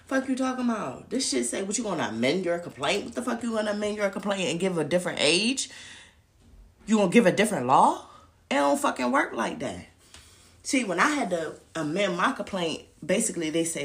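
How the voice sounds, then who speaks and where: A woman's voice: medium pitch, sing-song, brisk, gravelly. Profane, blunt woman ranting casually. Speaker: vlogger.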